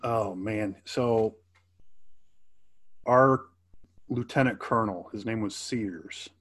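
A man in casual conversation, telling old army stories with animated acted-out quotes and frequent laughter. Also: on the low side, slow pace. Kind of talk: casual storytelling chat.

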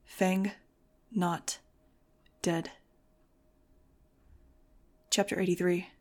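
A woman reading a first-person audiobook in a measured, dramatic way. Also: fairly low pitch, level tone. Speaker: audiobook narrator. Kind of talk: scripted first-person narration.

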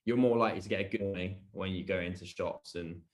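A man's voice: low voice, fairly even intonation, fast. A young man, chatting casually as a podcast guest. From England. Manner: chatty, lots of "like" fillers. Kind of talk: casual chat.

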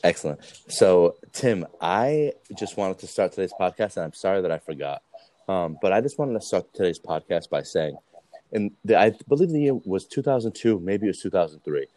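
A man's voice: low voice, animated, normal speed, warm tone. A man hosting a casual podcast, rambling with many restarts and fillers. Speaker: podcast host.

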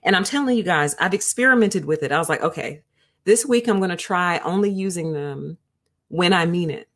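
A woman's voice: fairly low pitch, expressive, brisk, fairly bright tone. A woman hosting a book review livestream, chatting casually and talking straight to her viewers. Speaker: host of a book review show.

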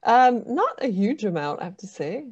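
Relaxed, joking woman filmmaker. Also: mid-range voice, normal speed, breathy edge, dull audio. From Canada. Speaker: horror filmmaker, guest. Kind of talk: casual interview chat. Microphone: video call.

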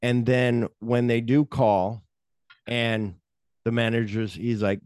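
A man hosting a podcast, chatting casually about a film and rambling through scenes, acting out the lines in quick quoted voices. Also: medium pitch, fairly even intonation, a little mellow, no echo, clean studio sound. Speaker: podcast host. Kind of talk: casual movie discussion.

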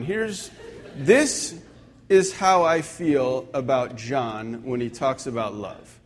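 A man's voice: fairly high pitch, slow pace, a bit bright. A young man, a pastor, preaching a conversational sermon with self-deprecating stories.

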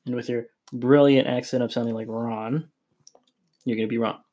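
A man's voice: mid-range voice, steady tone, normal speed, mellow. A man co-hosting a podcast, chatting casually with brief, agreeable replies. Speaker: podcast co-host. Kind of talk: casual chat.

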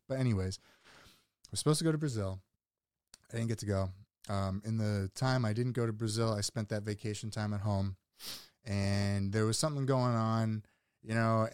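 A man's voice: on the low side, fairly even intonation, brisk, a little mellow, clean tone, dry recording, clean studio sound. A young man in casual conversation, candidly telling his own story in a laid-back way and quoting other voices. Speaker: guest sharing his story.

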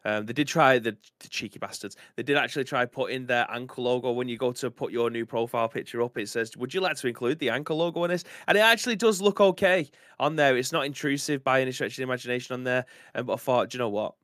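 Relaxed rambling man. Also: mid-range voice, quick pace, hardly any pauses, no echo, studio quality. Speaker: podcast co-host. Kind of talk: casual live-stream chat. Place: at home.

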